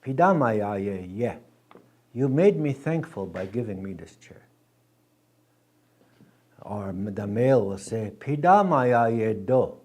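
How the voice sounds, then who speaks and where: A man teaching a language class, patient and gentle, repeating words slowly with many halting restarts. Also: on the low side, husky.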